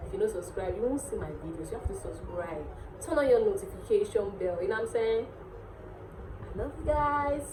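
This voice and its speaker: A Nigerian woman hosting a casual language lesson, repeating words slowly and laughing often. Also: medium pitch, expressive, background noise. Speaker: dialect teacher and channel host. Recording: echoey room with faint music.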